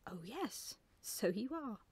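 A woman voicing an eager, chatty little boy in a breathy whispered role-play for a storybook. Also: a little high, measured pace, a little hiss or hum.

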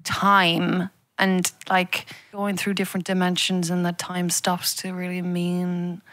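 A podcast guest from Ireland, chatting in a relaxed, easygoing way. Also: medium pitch, slow pace, no room sound. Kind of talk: casual chat.

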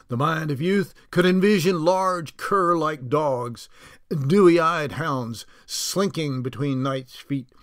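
A man narrating a novel aloud, reading unhurried with small slips and restarts. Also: on the high side, a bit bright, no room sound, studio quality. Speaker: audiobook narrator.

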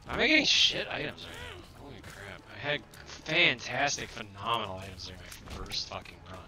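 A man's voice: fairly low pitch, sing-song, normal speed, few pauses, over music. A man giving live gameplay commentary, frustrated and swearing at the game, and tired. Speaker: streamer.

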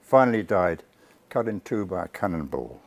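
Speaking to a live audience, a man gives a public history lecture, narrating with lively asides and correcting himself mid-word as he restarts words. He has a deep voice and a normal speed.

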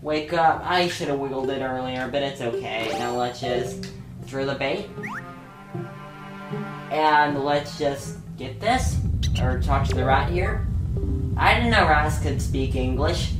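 A woman gives casual let's play commentary, chatting to herself and breaking into sudden excited yelps. Her voice is low and her talk is unhurried. It is recorded in an echoey room with game music under it.

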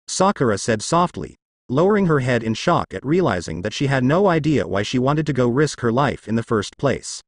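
A young man narrates fan fiction aloud, his pitch rising and falling with lively storytelling. The sound is dry and close, with no room around it. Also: normal speed, dry recording.

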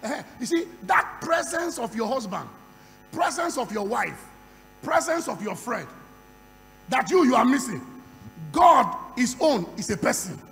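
A man preaching a sermon at a conference, moving from quiet storytelling to loud shouting. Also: very high-pitched, sing-song, unhurried, vocal fry, long pauses. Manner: acts out dialogue in a conversational storytelling voice. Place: large conference hall. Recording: reverberant hall with faint hum.

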